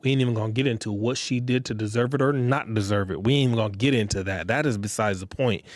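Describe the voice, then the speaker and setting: A man's voice: lowish voice, fast, no echo. Blunt, profane man podcasting solo. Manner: blunt and profane, street slang; animated when acting out others. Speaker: podcast host. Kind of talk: casual solo podcast monologue.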